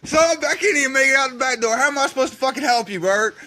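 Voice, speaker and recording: A man's voice: extremely high pitch, quick pace, bright, forceful tone. A man, scared and sweating, cursing and shrieking as he tries to free a trapped bird at his back door. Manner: panicky, cursing, shrieking in fright. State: sweating, frightened. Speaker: vlogger. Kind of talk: filmed personal vlog. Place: at home by a back door, outside.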